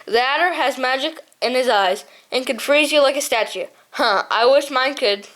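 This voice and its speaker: A woman's voice: high-pitched, moderate pace, a bit bright. Woman doing a pompous male owl captain. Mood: haughty. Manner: huffy, haughty, laughs at others.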